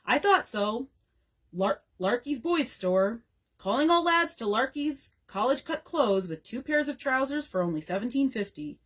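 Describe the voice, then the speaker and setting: A mischievous younger brother who loves to tease, putting on mock surprise and false delight. A woman reading a storybook gives him voice, with a breathy tone and a lively, bouncing pitch. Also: a little slow. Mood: teasing. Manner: mock-incredulous, gleefully teasing. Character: mischievous teasing boy, mock-excited.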